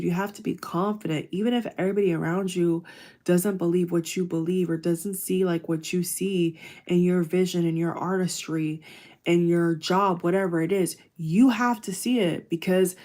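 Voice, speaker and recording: A woman's voice: fairly low pitch, darkish tone. Chatty woman live-streaming a casual reaction. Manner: chatty and effusive, many fillers, addresses viewers as guys. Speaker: YouTuber doing a live reaction. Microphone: wireless earbuds.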